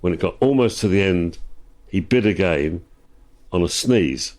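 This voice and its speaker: Lively older man, exasperated rants. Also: low voice, unhurried. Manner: exasperated, ranting, comic. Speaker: guest, host's father. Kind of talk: casual chat. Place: indoors at a vintage car workplace.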